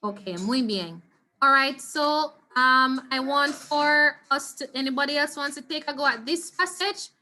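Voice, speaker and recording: A Jamaican woman leads an online Spanish lesson through her computer mic, patiently sounding words out again and again for her students. Her voice sits a little high and comes across bright and crisp. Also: measured pace. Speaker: Spanish teacher. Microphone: computer mic on a video call.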